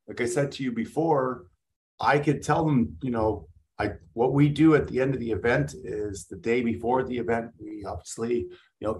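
A middle-aged Canadian man, a guest and event speaker, talks bluntly and energetically in a salesman-like way during a casual interview. His voice is medium in pitch, and the audio quality is poor.

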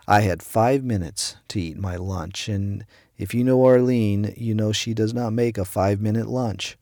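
At a normal pace, a middle-aged pastor with a fairly low, darkish voice preaches a devotional sermon in studio-quality audio without room sound. He recounts a personal story and voices the other characters himself, louder than his usual speech.

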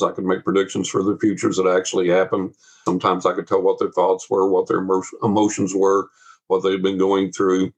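A man with a low, husky voice tells a childhood story in a relaxed interview. He is lively and keeps slipping into the voices of the people in his tale. His voice has a slightly rough, breathy edge. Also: low-quality recording. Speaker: guest telling his paranormal story.

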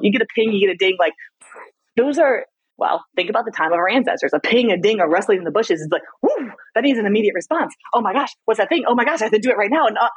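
A middle-aged woman, a podcast guest, telling personal stories in a candid, animated way, laughing often. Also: on the low side, breathy edge, no room sound, poor audio. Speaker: podcast guest, stress expert. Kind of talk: candid conversational storytelling.

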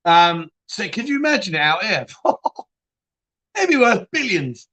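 A man's voice: high voice, very animated, measured pace, a bit bright. A man hosting a casual live chat stream, reading viewer comments aloud and laughing often. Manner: chatty, laughs often, trails off and restarts.

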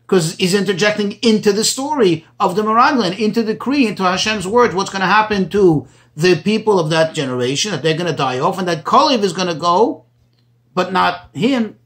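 Man teaching Torah. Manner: mixes Hebrew phrases into English, translating each line as he goes; animated pitch rises when stressing a point. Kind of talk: Torah class explaining commentaries.

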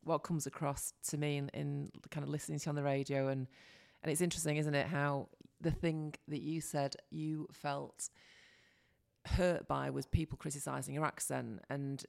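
Mancunian woman hosting a chat, low gravelly voice, encouraging. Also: little pitch movement, moderate pace, a little mellow. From Salford, England. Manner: encouraging, chatty. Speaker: podcast host. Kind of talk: casual interview chat.

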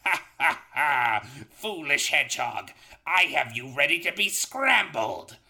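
A man's voice: fairly high pitch, sing-song, a little slow, pushed and bright, pitched above the performer's own voice, exaggerated voice. A man voicing a cackling, gloating mad scientist villain while reading a gamebook aloud. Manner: gloating, theatrical laughing.

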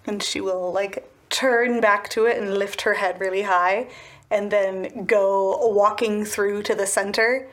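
Mid-pitched woman player with playful sound effects: casting a lively describer. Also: unhurried. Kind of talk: playing a tabletop game.

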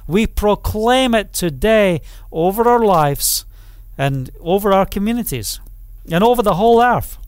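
A man preaching a sermon with fervor, calling out hallelujah and amen, rising to loud proclamation and dropping to quiet, low passages. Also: expressive, measured pace, clear, resonant tone, no room sound. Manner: fervent, repeats phrases, calls out hallelujah and amen.

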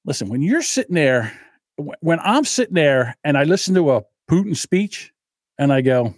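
A man's voice: on the high side, big pitch swings, normal speed, no echo, clean studio sound. A man co-hosting a podcast in casual political chat, blunt and joking, rambling with restarts. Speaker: podcast co-host.

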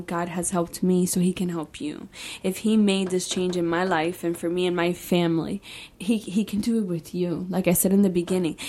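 Young woman, podcast host, casual faith talk, emotional, filler-heavy. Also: on the low side. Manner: emotional, filler-heavy, repeats "I just can't". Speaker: podcast host and lash artist. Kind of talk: casual faith-based personal chat.

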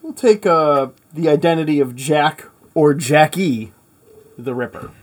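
A man's voice: fairly high pitch, measured pace. A man rambling through casual podcast banter. He hedges and jokes at his own expense as he talks. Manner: rambling, self-deprecating. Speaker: podcast co-host.

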